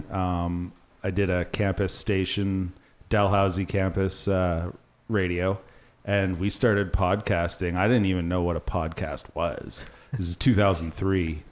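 Deep-voiced man in laid-back chat. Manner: laid-back, laughs often, quick affirming interjections. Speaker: podcast host. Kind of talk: casual chat.

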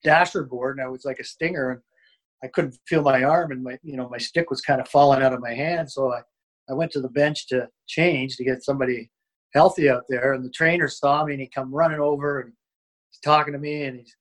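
A man in a casual interview, telling old hockey stories. He rambles and restarts often, filling gaps with "uh" and "you know". His voice sits at an ordinary middle pitch. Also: steady tone, brisk, low-quality recording. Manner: rambling, many fillers and restarts. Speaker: former hockey player.

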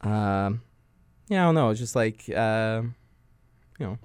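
A man's voice: lowish voice, lively intonation, unhurried, darkish tone, smooth, no echo. A young man in his twenties co-hosting a podcast, telling rambling stories in casual chat, full of fillers and restarts. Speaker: podcast co-host.

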